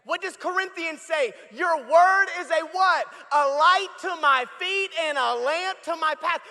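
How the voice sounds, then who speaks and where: High, bright-voiced joking male preacher. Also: a little slow. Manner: joking, conversational preaching with the crowd. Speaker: guest pastor. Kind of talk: sermon. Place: church sanctuary. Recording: long reverb of a large church hall.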